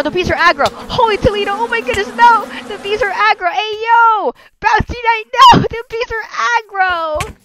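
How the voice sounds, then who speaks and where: A woman hosting a gameplay video, chatting casually and crying out in excitement whenever danger strikes. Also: very high voice, normal speed, hardly any pauses, heavy background noise. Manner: excitable, yelps and cries of no at danger. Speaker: gaming video host. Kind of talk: casual Minecraft gameplay commentary.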